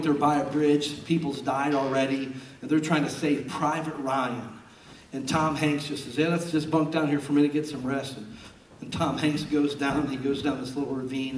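A middle-aged man preaching a sermon in a large church auditorium, telling stories with loud bursts and hushed asides. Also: medium pitch, far from the mic, a little hiss or hum. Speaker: pastor. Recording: roomy sound from off-mic in a hall.

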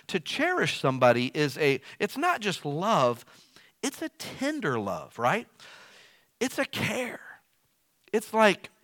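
Middle-aged male pastor, folksy sermon delivery, bright voice, dry close sound. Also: no room sound. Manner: folksy, conversational preaching with wide swings in pitch and loudness.

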